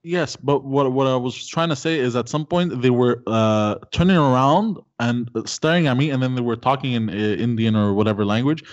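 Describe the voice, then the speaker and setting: A man telling a story on a podcast in a halting way, searching for words and laughing at himself. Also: mid-range voice, dull audio. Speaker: podcast co-host. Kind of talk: casual storytelling.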